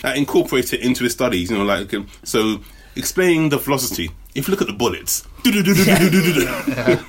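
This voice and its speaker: A man's voice: medium pitch, lively intonation, quick pace, slightly rough. A man hosting a casual call chat, playful and encouraging.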